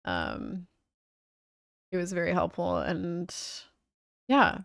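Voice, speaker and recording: A woman's voice: fairly low pitch, big pitch swings, takes it slowly, gravelly, fairly bright tone, no echo, clean studio sound. A young woman streamer chatting casually and relaxedly, with lots of "like" fillers. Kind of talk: casual livestream chat.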